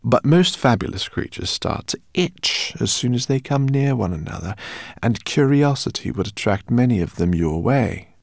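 A man's voice: medium pitch, lively intonation, normal speed, vocal fry, no room sound, clean studio sound, pitched above the performer's own voice. Man doing a genial, courteous old-school professor. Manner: courteous, rambling, gently embarrassed. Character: kindly bookish male professor, middle-aged, fussy host.

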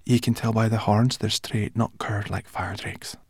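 A man reading an audiobook, voicing a small, knowing female brownie in hushed whispers. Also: lowish voice, steady tone, moderate pace, no echo, studio quality.

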